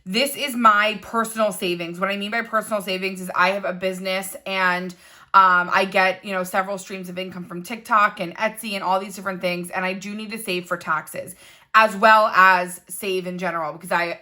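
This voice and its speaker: A woman's voice: medium pitch, steady tone, moderate pace, bright, forceful tone. A young woman chatting casually to her viewers in a rambling planning tutorial, full of asides and fillers. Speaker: digital planning content creator.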